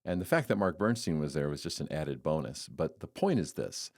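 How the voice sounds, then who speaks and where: A man hosting a devotional podcast, talking in an earnest, storytelling way with lively swings. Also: extremely low pitch, fairly quick. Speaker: podcast host giving a devotional. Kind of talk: casual devotional talk.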